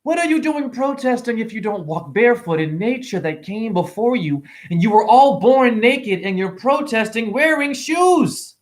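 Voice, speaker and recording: A man giving a rambling spiritual monologue to camera, animated and preachy, joking, exclaiming and swearing casually. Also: sits high, normal speed, hardly any pauses. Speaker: spiritual vlogger.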